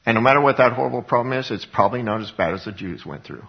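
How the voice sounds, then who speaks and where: A middle-aged man preaching a sermon, telling a personal story with lively swings up into high exclaimed passages. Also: rapid-fire, vocal fry. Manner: animated storytelling, voice jumping high for acted quotes. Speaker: pastor. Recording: dull lo-fi recording.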